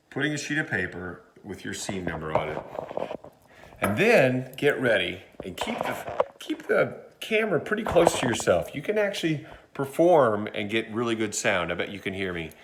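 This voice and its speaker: A man's voice: fairly low pitch, big pitch swings, normal speed, background noise. A man giving a casual how-to tutorial on filming skits, chatting and demonstrating as he goes, recorded on a phone about a foot away. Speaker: church video instructor.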